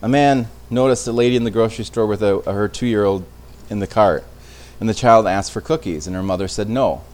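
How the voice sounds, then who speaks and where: Low-voiced man teaching a Bible study. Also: brisk, hardly any pauses, a little mellow. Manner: conversational, with frequent restarts and tag questions.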